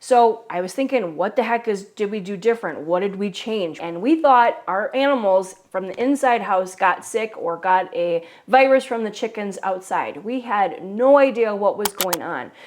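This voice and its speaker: A woman's voice: medium pitch, normal speed, hardly any pauses. Chatty woman telling a story. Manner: chatty, animated, restarts mid-sentence. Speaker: host. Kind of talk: casual storytelling to camera.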